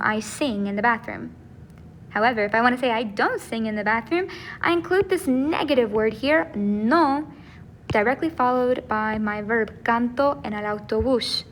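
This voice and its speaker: A woman's voice: fairly high pitch, measured pace, a bit bright, slight background noise. A woman teacher explaining grammar step by step, checking in often with "okay?" and "right?". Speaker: Spanish teacher. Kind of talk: recorded grammar lesson.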